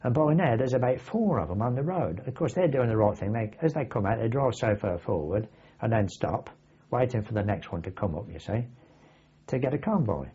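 An older man tells vivid, salty anecdotes in casual oral-history storytelling, with a husky voice. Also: mid-range voice, animated, a little fast. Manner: vivid anecdotal, salty language, acts out his own shouts. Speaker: veteran recounting wartime memories. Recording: dull lo-fi archive recording.

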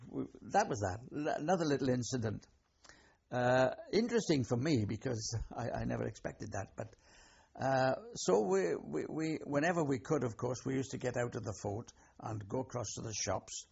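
An older man with a Welsh accent, a war veteran recalling his past in an oral history interview, telling it in a rambling, halting way with many restarts. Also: mid-range voice, creaky, darkish tone, slightly rough, muffled recording.

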